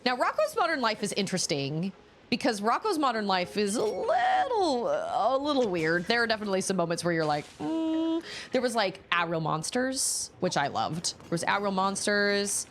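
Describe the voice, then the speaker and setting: A woman's voice: mid-range voice, sing-song, fairly quick, fairly bright tone, slight background noise. A woman in her thirties streaming a video game, chatting casually and rambling from one thought to the next. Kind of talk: casual chat while gaming.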